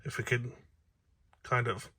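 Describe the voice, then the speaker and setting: A man's voice: medium pitch, level tone, unhurried, pushed and bright, slightly rough. A man with a New Jersey accent, vlogging casually from inside a travel trailer and showing off gear in a rambling, upbeat way, with lots of fillers. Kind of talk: casual show-and-tell vlog.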